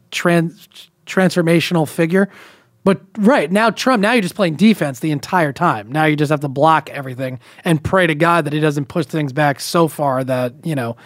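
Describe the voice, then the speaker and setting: A man in casual podcast talk, rambling with halting restarts. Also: fairly high pitch, no room sound, studio quality. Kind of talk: casual political chat.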